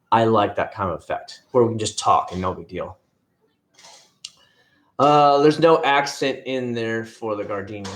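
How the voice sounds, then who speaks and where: A man's voice: medium pitch, a bit bright. A man hosts a casual live stream and answers his viewers in a loose, rambling way. He restarts his sentences often, drifts into asides, and calls people by name. His voice bounces around a noticeably echoey room. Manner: talks directly to viewers by name.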